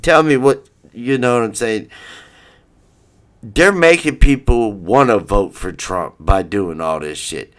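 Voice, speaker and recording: A man's voice: on the low side, slow pace, a bit bright. A man hosting a live stream, ranting heatedly and profanely in a rambling way. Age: adult parent. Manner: rambling with restarts. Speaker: livestream host.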